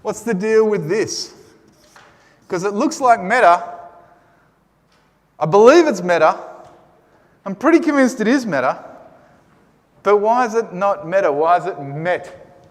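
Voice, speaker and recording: A man's voice: high voice, lively intonation, unhurried, pauses often. An Australian man teaching a Greek class in a chatty, joking way. He wears a mask and keeps asking the class "right?". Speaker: Greek lecturer. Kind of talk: classroom lecture. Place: lecture room. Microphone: wearing a mask. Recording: long echo of a hall.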